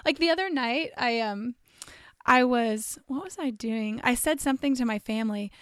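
A bubbly woman host with a fairly high voice, laughing often as she chats. The sound is dry and close, with no room to it. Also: moderate pace, fairly bright tone, no echo. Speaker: podcast host and nurse. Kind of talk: faith podcast conversation.

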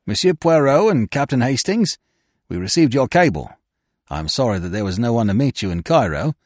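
A man's voice: medium pitch, very animated, brisk, dry recording, studio quality. A man playing a grave, steadfast museum expert.

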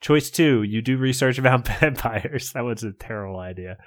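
Guy reading a gamebook out to his friends, playful, lively up and down voice. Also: mid-range voice, moderate pace. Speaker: game master reading a gamebook. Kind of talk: reading aloud with asides.

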